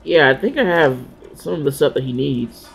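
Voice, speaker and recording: A man's voice: on the high side, lively intonation, moderate pace, vocal fry, a bit bright, breathy edge. A man casually commenting while he plays a video game. He chats away, stumbles over his words and lights up at cute moments. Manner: chatty, stammering, easily delighted. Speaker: gaming channel host.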